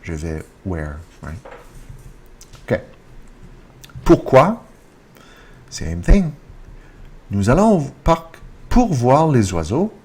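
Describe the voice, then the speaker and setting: Slow, lively-voiced male teacher. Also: husky. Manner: repeats example sentences, rising pitch on question words. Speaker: French teacher. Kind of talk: video lesson explaining grammar.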